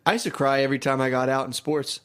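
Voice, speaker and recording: A man co-hosting a podcast in casual chat, telling stories animatedly and acting out his younger self in whiny high voices. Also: fairly even intonation, quick pace, a bit bright, clear, resonant tone. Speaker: podcast co-host.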